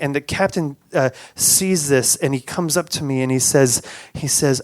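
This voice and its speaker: A man telling a personal story on stage in an animated way, with many restarts and repeated words, acting out sounds and quotes with big jumps in pitch. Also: moderate pace, dry recording. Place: stage show.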